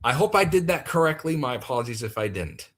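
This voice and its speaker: A man's voice: medium pitch, very animated, quick pace, a bit bright. A man hosting a casual livestream, chatty and self-deprecating as he sets things up. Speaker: livestream host.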